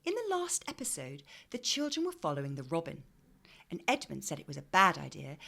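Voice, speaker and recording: A woman teacher reading a storybook aloud to children in a gentle, questioning way, often dropping to a breathy whisper. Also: deep voice, wildly swooping pitch, a little fast. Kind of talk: storybook read-aloud lesson.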